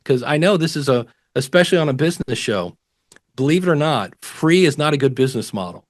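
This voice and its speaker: Man giving lively podcasting advice. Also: mid-range voice, fast talker. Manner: animated, acts out quotes of other people. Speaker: podcasting guest expert. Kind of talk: casual interview advice.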